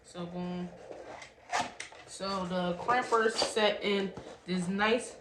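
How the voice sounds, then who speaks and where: A woman's voice: medium pitch, steady tone, very slow. A young woman, chatting casually to viewers as "y'all" while unboxing and reviewing a product. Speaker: beauty vlogger reviewing a product. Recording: echoey room with faint background hiss.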